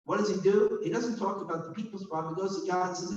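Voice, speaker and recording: A man's voice: sits high, steady tone, fast talker. A man leading a service, giving an informal sermon and reading scripture aloud, who often asks his listeners questions. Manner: reads scripture aloud dramatically. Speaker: rabbi and cantor leading a service. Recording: distant mic in echoey room, dull sound, faint hum.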